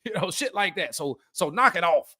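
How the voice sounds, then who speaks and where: Southern man co-host, forties, Alabama drawl, blunt and profane, voice sits a touch high. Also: expressive, moderate pace, sharp tone. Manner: emphatic, profane, repeats words when starting. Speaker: podcast co-host. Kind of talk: casual chat.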